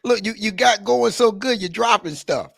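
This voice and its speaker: High gravelly guy hosting, calm and teasing, lively voice, dry sound. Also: moderate pace, no echo. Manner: calm, prodding, mildly teasing interjections. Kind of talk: casual chat.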